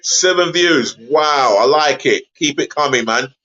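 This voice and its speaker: A man's voice: on the high side, measured pace. Chatty man on a lo-fi stream. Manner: exasperated, chatty, giving shout-outs. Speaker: live stream host. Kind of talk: live watch-along football commentary.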